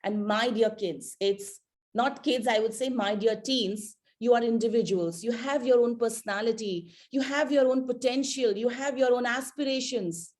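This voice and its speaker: Woman keynote speaker talking to teens, slightly high voice, chatty and full of questions to the audience. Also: moderate pace, darkish tone. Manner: conversational, asks the audience questions, frequent fillers. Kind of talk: motivational talk to teenagers.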